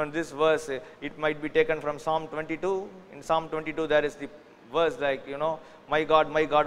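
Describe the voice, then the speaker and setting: A man's voice: fairly high pitch, in a large hall, a little hiss or hum. A male pastor preaching a sermon in an earnest way, with frequent fillers and loose grammar. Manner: earnest, many "you know" fillers, non-native grammar.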